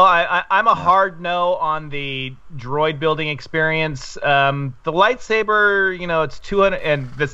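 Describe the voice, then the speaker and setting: A man's voice: on the high side, bright, forceful tone, clean tone, no room sound, recorded from a distance, dull audio. A man co-hosting a podcast in casual chat, hesitant and full of restarts, with a dry sense of humor. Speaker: podcast co-host.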